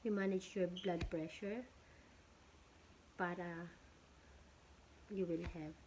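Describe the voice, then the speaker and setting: A woman's voice: lowish voice, fairly even intonation, slow, darkish tone, a little hiss or hum, poor audio. A woman, hosting an informal health explainer and mixing reading with loose explanation. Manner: switches between English and Tagalog, reading points then explaining loosely. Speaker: health talk host.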